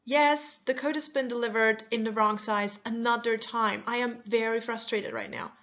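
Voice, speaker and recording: A woman's voice: fairly high pitch, steady tone, normal speed, a bit bright, dull audio. A woman acting out a friend on a phone complaint call who is overly thankful to the agent but firm in her demands. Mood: sweet but firm.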